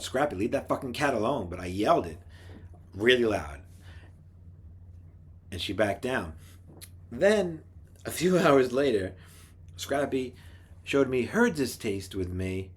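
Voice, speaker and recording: A man's voice: on the low side, breathy edge. A middle-aged man telling rambling personal stories in a casual monologue, with frequent restarts. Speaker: podcast host.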